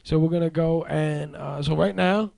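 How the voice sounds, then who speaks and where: Gravelly-voiced host. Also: male voice, on the high side, steady tone, moderate pace, dark tone, no room sound. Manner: loose, rambling, joking. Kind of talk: casual chat and read sponsor plug.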